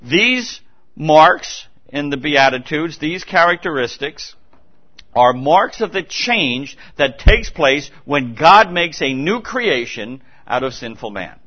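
With a slightly high voice, a very animated delivery and a slow pace, a pastor preaches earnestly from the pulpit of a church. He stresses his key points by repeating them and often restarts his phrases. The audio is dull and low-fidelity.

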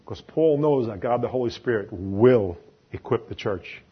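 A man's voice: medium pitch, lively intonation, moderate pace, husky, lo-fi sound. A man from New York with a New York accent, giving an informal, chatty sermon full of homely examples and asides. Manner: chatty and conversational, with self-deprecating asides and laughs. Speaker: lay preacher.

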